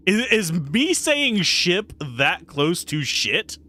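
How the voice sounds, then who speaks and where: A man's voice: high-pitched, very animated, takes it slowly, hardly any pauses, sharp tone. A man streaming a game live, playfully reading dialogue aloud and joking about it.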